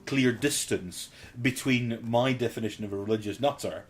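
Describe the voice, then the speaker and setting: A man's voice: mid-range voice, moderate pace, slight background noise. A man telling stories in a casual chat, laughing often and restarting his sentences. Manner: storytelling, laughs often, self-interrupting. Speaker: guest.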